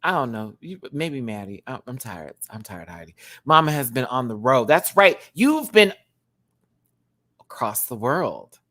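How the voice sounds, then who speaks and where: A man in his thirties, a drag queen, giving a sassy, animated casual review and laughing often while answering viewers. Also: medium pitch, measured pace. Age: 30s. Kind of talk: casual chatty episode review.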